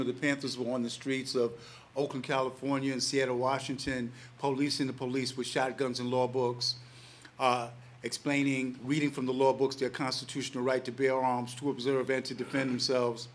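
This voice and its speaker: A man in his sixties, a panelist telling a personal story to a packed live audience, animated and acting out the voices of the people in it. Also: mid-range voice. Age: 60s. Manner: animated, acts out quoted voices, laughs between lines. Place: packed public panel gathering.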